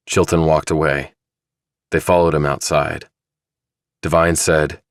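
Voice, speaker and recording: Narrator: man, very low voice, measured thriller reading, dry studio sound. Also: no echo. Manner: measured, even storytelling. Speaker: audiobook narrator. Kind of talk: scripted narration.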